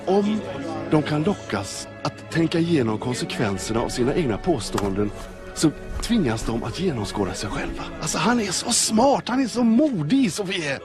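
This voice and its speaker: An actor playing an excited, admiring male philosophy teacher who guides a girl through a film scene, talking in eager bursts. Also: a little high, moderate pace. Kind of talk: film dialogue. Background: music.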